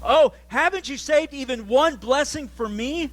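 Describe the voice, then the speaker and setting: A desperate young man pleads for his father's blessing in a high, strained voice, as a preacher acts him out in a sermon. The pitch climbs well above an ordinary speaking voice and carries bitter, begging urgency. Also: lively intonation, a little slow, a bit bright, exaggerated voice. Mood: pleading.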